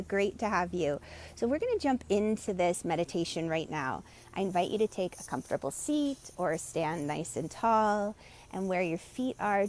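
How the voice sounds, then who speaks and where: A woman's voice: mid-range voice, darkish tone. A middle-aged woman, a meditation coach, talks to a live audience in an encouraging way and acts out the voices of people in her stories. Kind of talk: live-streamed guided meditation talk.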